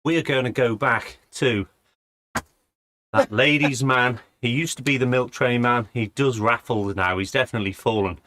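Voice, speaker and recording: A man hosting a live online show, chatty and teasing, with quick jokes at his guests. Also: mid-range voice, bright, forceful tone, a little hiss or hum. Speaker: host.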